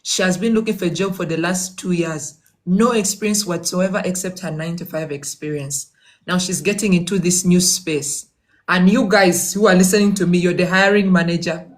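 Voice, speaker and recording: A woman's voice: lowish voice, steady tone, moderate pace. A woman from Uganda, a virtual assistant giving career advice to viewers in a casual motivational talk. She talks emphatically, repeats her key phrases and acts out little dialogues.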